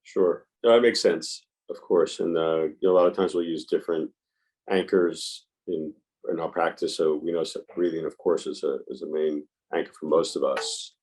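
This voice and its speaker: A man's voice: rumbling low, fairly even intonation, moderate pace, darkish tone, poor audio. A man hosting a meditation group on a video call, asking thoughtful, hedging questions.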